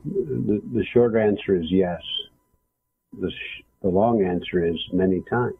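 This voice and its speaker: Low-voiced man on a tinny phone line. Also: unhurried, vocal fry, slightly rough. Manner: storytelling, emphatic. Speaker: guest author and speaker. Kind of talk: casual interview chat.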